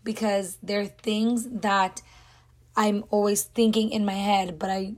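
A young woman hosting her own podcast, her voice hoarse and nearly gone, talking in an earnest, rambling way full of "like". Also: medium pitch, little pitch movement, slow pace. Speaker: podcast host. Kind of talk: casual solo podcast talk.

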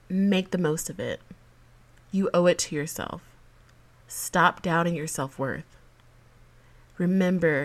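A woman hosting her own podcast, giving a slow, affirming pep talk to her listeners. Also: low voice. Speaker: podcast host. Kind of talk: solo podcast monologue.

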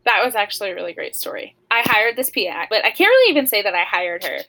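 A woman's voice: medium pitch, sing-song, fast talker, sharp tone, poor audio. A young adult woman, a podcast guest, telling a personal story in a candid way, with lots of "like" fillers.

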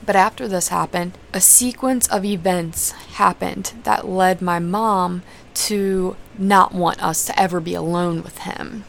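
A woman's voice: lowish voice, steady tone, unhurried, gravelly, hardly any pauses, slight background noise. A young woman hosting a podcast, telling a personal story in a candid, profane, casual way. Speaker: podcast host.

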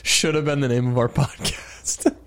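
A man's voice: medium pitch, fairly even intonation, measured pace, fairly bright tone. A young man co-hosting a podcast in casual banter, joking and laughing often. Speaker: podcast co-host.

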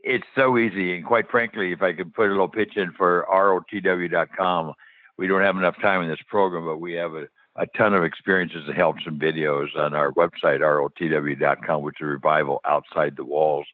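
A man's voice: low-pitched, fairly even intonation, fairly quick, no room sound. A passionate man tells faith stories as a radio guest. He talks eagerly and restarts his sentences often. His voice is dry and tinny, as if heard over a phone line. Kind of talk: faith testimony on a radio interview.

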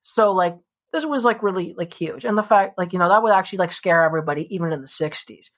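In a casual podcast chat, a female co-host rambles on, packing her speech with fillers, especially "like." She talks fast in a lowish voice.

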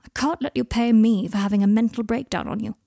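A woman's voice: a little high, fast, creaky, warm tone, no echo, studio quality. A woman voicing an anxious, self-deprecating young man who swears under his breath, in a fan fiction reading. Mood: flustered.

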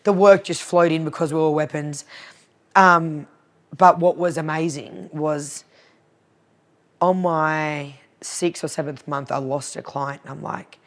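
Australian woman, podcast guest, animated storyteller who acts out the dialogue. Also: sits low, unhurried. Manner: animated, acts out both sides of conversations. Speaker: podcast guest, cleaning business owner. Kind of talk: casual storytelling interview.

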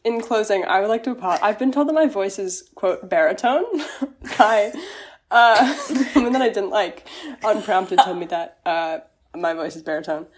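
A woman's voice: medium pitch, moderate pace. A young woman co-hosting a podcast over a video call, rambling and giggly in casual chat. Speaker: podcast co-host.

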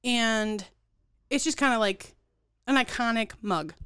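A young woman co-hosting a podcast in casual chat, telling stories and acting out quotes with lively emphasis. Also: on the high side, unhurried, clean tone, dry recording, clean studio sound. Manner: animated storytelling, acts out quotes. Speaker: podcast co-host.

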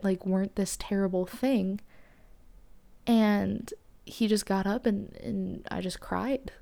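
Gravelly, dark-voiced young woman telling a story. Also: medium pitch. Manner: candid, breathy whispered asides, frequent "like" fillers. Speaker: podcast host. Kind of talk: personal storytelling.

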